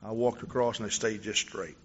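A male pastor delivers a testimony sermon as an animated story, acting out the dialogue in a fairly low voice at a brisk pace. The recording has a big-room sound, lo-fi quality, and a little hiss or hum.

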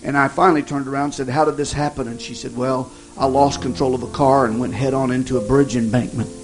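A man, an evangelist, telling a personal testimony in a folksy, halting way with many restarts. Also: medium pitch, fairly even intonation, low-quality recording. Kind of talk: sermon testimony storytelling. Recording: music playing behind the voice.

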